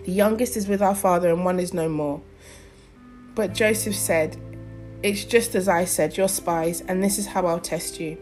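A young adult woman preaching, praying earnestly with pauses and reading scripture aloud. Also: on the low side, darkish tone, faint music behind. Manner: earnest, fervent prayer with pauses and fillers.

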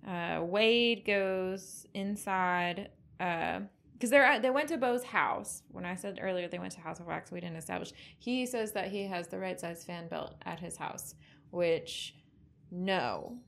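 A woman's voice: fairly low pitch, measured pace, vocal fry, fairly bright tone. A woman co-hosting a casual film recap, chatty and sardonic, swearing freely. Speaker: podcast co-host.

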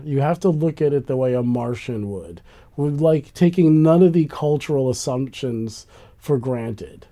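A man in casual conversation, rambling and animated, laughing often and swearing now and then. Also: fairly high pitch. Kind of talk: casual chat.

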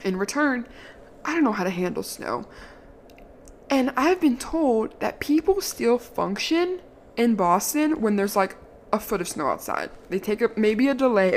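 A young woman from the Washington, D.C. area telling a casual, animated story, full of "like" fillers and the odd swear word. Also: mid-range voice, slight background noise. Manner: chatty, animated, lots of "like" fillers, occasional swearing. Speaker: vlogger.

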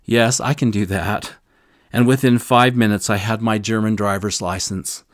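An older man with a low voice tells a story with earnest, solemn weight. The sound is dry and close, with no room around it. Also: fairly even intonation, normal speed, dry recording. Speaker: scripture teacher. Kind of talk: scripture discussion with personal story.

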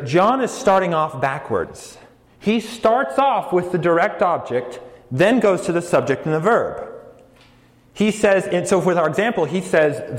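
Man, preacher, sermon, fairly high voice, casual and joking, echoey hall.

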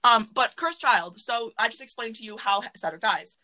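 A woman hosting a podcast from her closet, chatting casually and rambling excitedly with lots of fillers. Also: a little high, moderate pace, rough recording. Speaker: podcast host. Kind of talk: casual chat.

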